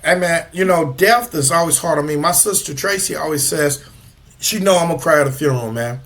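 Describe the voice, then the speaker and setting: A man's voice: fairly high pitch, fairly quick, fairly bright tone. A man co-hosting a talk show, speaking from the heart and ending most phrases with "man". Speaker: co-host. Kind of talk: casual talk show chat.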